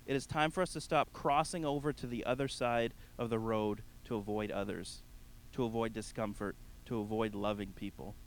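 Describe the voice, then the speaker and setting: A man's voice: lowish voice, fairly even intonation, normal speed, low-quality recording. Earnest male preacher with a faint hum. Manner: earnest, rising to emphatic peaks then dropping soft; addresses the congregation directly. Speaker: pastor. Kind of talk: sermon.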